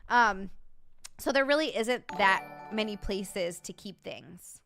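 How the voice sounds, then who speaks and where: A woman hosts a casual live-chat stream, chatting animatedly, cracking sarcastic jokes, swearing freely, and thanking viewers by name. Her medium-pitched voice is gravelly and unhurried, with faint music in the background.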